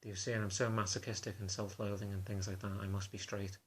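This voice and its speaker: A man talking to camera in a confessional vlog, halting and self-conscious in a subdued, low-key way. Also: flat delivery, slight background noise. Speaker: vlogger.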